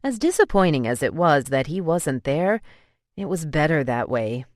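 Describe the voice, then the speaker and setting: An audiobook narrator reading a contemporary romance in an even, measured way. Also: mid-range voice, no room sound, clean studio sound.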